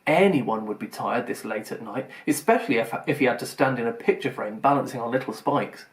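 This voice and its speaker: A man's voice: mid-range voice, a little fast. Man reading a children's audiobook. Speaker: audiobook reader.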